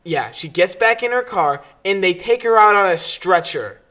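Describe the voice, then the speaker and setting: A man's voice: sits high, animated, normal speed, bright, forceful tone. A young man co-hosting a casual podcast, telling stories with lots of energy, swearing freely and mimicking other people's voices. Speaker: podcast co-host. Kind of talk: casual chat.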